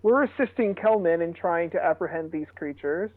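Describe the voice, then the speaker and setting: A man's voice: a little high, normal speed, no room sound, phone-quality sound. A man playing a friendly, diplomatic character in a tabletop game over call audio. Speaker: player. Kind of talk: in-character tabletop role-play.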